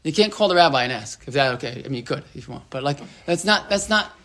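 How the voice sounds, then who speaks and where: A man's voice: medium pitch, expressive, fast, fairly bright tone. A man teaching a conversational Torah class as a rabbi, often checking in with the room and mixing Hebrew terms into his English. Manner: chatty, asks the room "right?", lots of restarts and "like".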